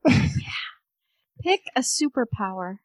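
A woman co-hosting a running podcast, asking quick questions and laughing often. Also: fairly high pitch, sing-song, no echo. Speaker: podcast co-host, runner. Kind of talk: casual podcast interview.

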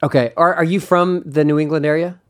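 A man's voice: a little high, fairly even intonation, a little fast. A young man hosting a podcast in casual chat, eager and rambling, often restarting his sentences and laughing along. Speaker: podcast host.

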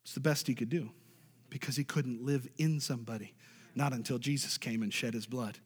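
A man's voice: mid-range voice, fairly even intonation, brisk, slightly rough, big-room sound. A man preaching a sermon as pastor, emphatic, often asking the congregation "right?" and drawing an "amen".

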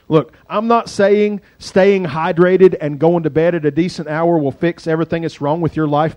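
Joking pastor preaching on a street corner. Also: male voice, on the high side, moderate pace, few pauses, darkish tone, no echo. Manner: conversational, joking asides. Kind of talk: sermon.

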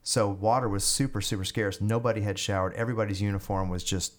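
A man with a fairly low voice spins a long story in a casual podcast interview. He rambles, restarts and leans on fillers, his delivery animated and loose. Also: quick pace. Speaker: guest musician and army veteran.

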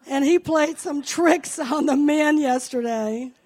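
A woman's voice: high voice, slow pace, darkish tone. A woman pastor giving a sermon in an encouraging, conversational way.

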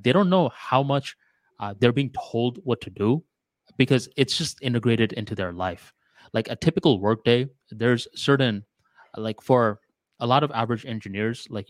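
A man of middle pitch reasons his way through ideas on a casual podcast. His talk is loose and full of filler words. The recording is close and dry, with no room sound. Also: dry recording. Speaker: podcast co-host. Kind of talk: casual chat.

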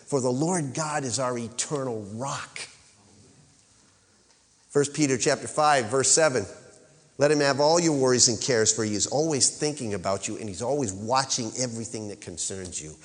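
Guy preaching a sermon, gets loud and emphatic, asks the crowd to say it back, big echoey church. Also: mid-range voice, normal speed. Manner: rises to emphatic peaks, calls for congregation response. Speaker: pastor.

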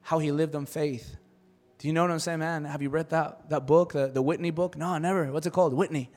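A man preaching a sermon as pastor, animated, acting out quoted voices in his stories. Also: on the high side, fairly quick. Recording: long hall reverb.

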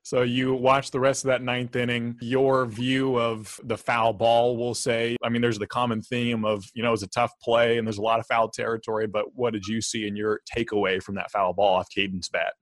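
A man hosting a sports interview, asking long, detailed questions in a measured way. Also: medium pitch, level tone, no room sound, studio quality. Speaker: interviewer, host.

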